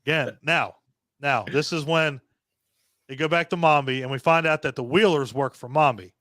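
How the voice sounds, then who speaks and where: A man co-hosting a podcast, giving a casual movie review in a heavily profane, animated rant and mocking the characters as he goes. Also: fairly high pitch, normal speed, no room sound, studio quality. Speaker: podcast co-host reviewing a film.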